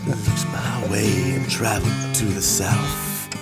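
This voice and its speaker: A man, a podcast co-host, doing a joking whispered song tribute in a breathy whisper. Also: lowish voice, slow pace, over loud music.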